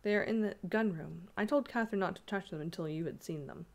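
A woman's voice: mid-range voice, fast talker, darkish tone, lightly acted. Woman reader as young wife, lilting, teasing, tender; storybook. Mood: sweet, teasing. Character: affectionate young wife, playful and gentle.

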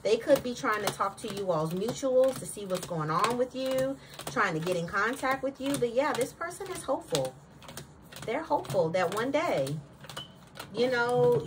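A woman giving a casual tarot reading, sassy and slangy, talking straight to her viewers. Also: a little high. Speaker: tarot reader. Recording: distant mic with clear background noise.

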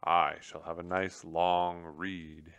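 A placid storybook mouse husband played by a man speaks calmly and firmly. His voice is low and unhurried, close and dry. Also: smooth, no room sound, heavily acted. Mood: sleepy. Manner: calm and steady, mildly firm.

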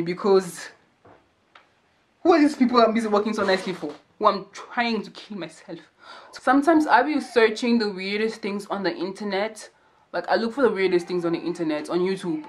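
A woman's voice: medium pitch, a little hiss or hum. A young woman chatting casually and jokingly while she does her makeup for a vlog. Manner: chatty, jokey, playful voices and asides. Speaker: vlogger. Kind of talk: casual get-to-know-me chat while doing makeup.

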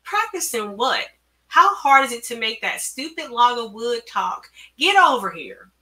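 Lady putting on a rude carnival boss guy, loud and bossy, bright edge. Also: on the high side, very animated, measured pace, voice pushed up, heavily acted. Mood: barking. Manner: barking, scornful. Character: bossy, rude middle-aged male carnival owner.

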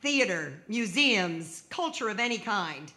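A woman's voice: mid-range voice, sing-song, measured pace, bright, forceful tone. A woman in her sixties telling a true personal story on stage, with wry comic timing and emphatic punchlines.

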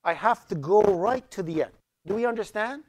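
A man's voice: high-pitched, normal speed. Middle-aged guy teaching a programming class, non-native english, keeps asking the room questions and cracking jokes. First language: Azerbaijani. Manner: lively, asks the class questions, jokes around. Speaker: college programming instructor. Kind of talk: live classroom lecture.

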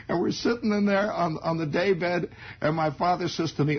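A man's voice: fairly high pitch, normal speed, slightly rough. A man in his forties from the United States, telling a rambling story as a radio host and laughing at his own tale. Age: 40s. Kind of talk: improvised radio monologue. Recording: dull old radio broadcast.

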